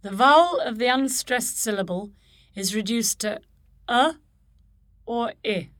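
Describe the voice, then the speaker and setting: A woman reading a pronunciation lesson, enunciating each word slowly and deliberately. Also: a little high, fairly bright tone, no echo, clean studio sound. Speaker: pronunciation course reader. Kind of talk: slow, careful scripted reading of word lists.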